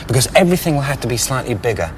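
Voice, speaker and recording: A man working as a singing coach, talking in an animated, encouraging way. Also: mid-range voice, racing, slight background noise. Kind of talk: coaching session.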